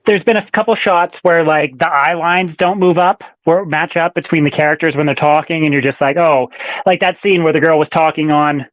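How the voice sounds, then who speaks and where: Animated man with a dull lo-fi sound. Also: fairly high pitch, fairly quick, hardly any pauses, dry recording. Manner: animated, swearing, acts out scenes in quoted voices. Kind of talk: casual movie review chat.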